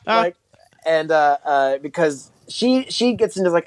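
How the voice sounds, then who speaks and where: Male co-host, slightly high voice, meandering and profane, full of halting restarts. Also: expressive, no echo. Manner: rambling, halting, profane storytelling. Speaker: podcast co-host. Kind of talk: casual podcast chat.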